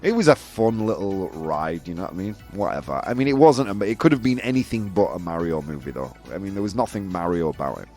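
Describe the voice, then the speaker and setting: A man hosts a live-stream chat show, and his voice swings widely in pitch as he gets worked up. He keeps things provocative with teasing asides and frequent laughter. Faint music sits quietly behind him. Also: animated, fast, hardly any pauses. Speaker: host.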